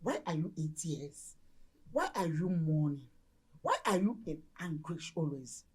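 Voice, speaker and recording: An actress playing an excitable middle-aged Nigerian mother who exclaims loudly and slips into Igbo, with a Nigerian accent. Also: sits low, unhurried, slightly rough, full character voice. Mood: uneasy. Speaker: actress in a film. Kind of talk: Nollywood film acting.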